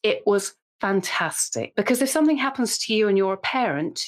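Lively, laughing woman. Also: mid-range voice, a little fast, few pauses. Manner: animated, laughs often, self-mocking. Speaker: podcast guest, autism education specialist. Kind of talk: casual podcast conversation.

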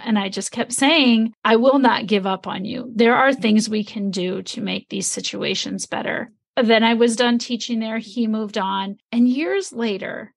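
A middle-aged woman co-hosting a podcast, telling a story and acting out her own thoughts in a lively way. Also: a little high, creaky. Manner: animated storyteller, acts out her own inner voice. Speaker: podcast co-host. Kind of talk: storytelling to a co-host.

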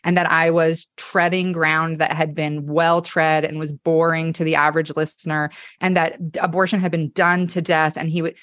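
Guest comedian, woman, low voice, blunt and animated storytelling, dry close sound. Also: moderate pace, few pauses, dry recording. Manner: candid, animated, swears freely. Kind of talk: casual podcast storytelling.

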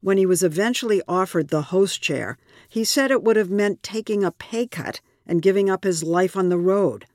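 A man delivers scripted news narration in a measured, even manner. His voice sits high for a man. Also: no echo, clean studio sound. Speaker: correspondent, narrator.

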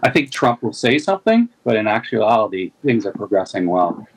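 A man's voice: lowish voice, sing-song, a little fast, slightly rough, rough recording. A man, an editorial cartoonist, talking casually in a rambling way with many restarts. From Canada. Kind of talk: casual discussion.

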